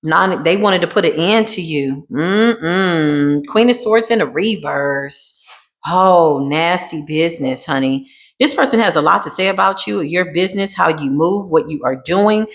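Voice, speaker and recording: A woman's voice: on the low side, lively intonation, unhurried. Sassy woman reading tarot. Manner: sassy, dramatic, swings between hushed and emphatic. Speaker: tarot reader. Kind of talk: tarot card reading monologue.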